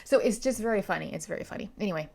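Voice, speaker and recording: A woman with an American East Coast accent talks casually to camera about a book, drifting off on tangents and laughing easily. Her voice sits at a middle pitch. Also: animated, racing, vocal fry, darkish tone. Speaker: book reviewer.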